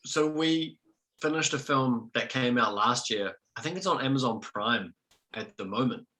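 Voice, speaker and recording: A man's voice: medium pitch, moderate pace, bright, forceful tone, rough recording. A young man with a New Zealand accent, a filmmaker guest chatting casually and self-deprecatingly, with many fillers. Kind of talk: casual video-call discussion.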